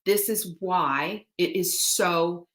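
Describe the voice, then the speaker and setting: A woman hosting a live-stream sales pitch, chatty and folksy, talking straight to her viewers. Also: slow pace, reverberant. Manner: animated, folksy and chatty, addresses viewers directly. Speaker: host selling products.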